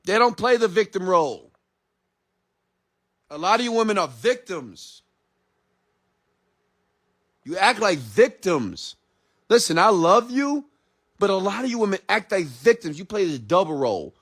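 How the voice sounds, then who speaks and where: A man's voice: high-pitched, very animated, a little slow, long pauses, a bit bright. A man who is an entrepreneur and mentor, delivering a blunt, profane, confrontational late-night motivational rant.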